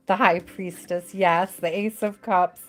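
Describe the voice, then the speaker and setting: A woman giving a live tarot reading, gentle and emotional, repeating her words softly. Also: fairly low pitch, fairly even intonation, a little slow. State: tearful at times. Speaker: tarot reader.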